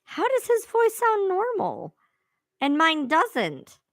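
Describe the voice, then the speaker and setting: A woman's voice: very high-pitched, wildly swooping pitch, slow, a bit bright, dry recording, studio quality. A woman chatting casually on a live stream from home, swearing freely and laughing at herself. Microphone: own streaming mic sounding odd.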